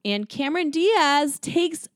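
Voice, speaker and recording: A woman's voice: high voice, expressive, takes it slowly, no room sound, studio quality. A young woman co-hosting a podcast, casually recapping a film with lots of fillers and acted-out quotes. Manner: chatty, lots of likes and ums, acts out quotes. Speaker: podcast co-host.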